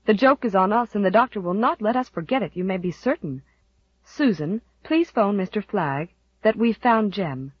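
A gentle young mother speaks softly and tenderly, as a woman reads her. The voice is breathy. The audiobook recording is dull and dry. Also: mid-range voice, animated, moderate pace, dry recording. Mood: rueful.

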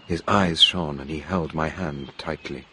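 A man reading a story aloud as scripted narration, steady and measured, close to the microphone. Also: rumbling low, slight background noise. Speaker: audiobook reader.

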